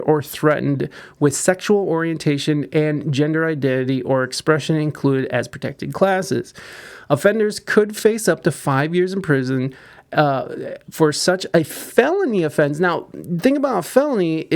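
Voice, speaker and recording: Podcast host, man, gravelly edge, rambling and profane with lots of restarts. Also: on the high side. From United States. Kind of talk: casual commentary on news.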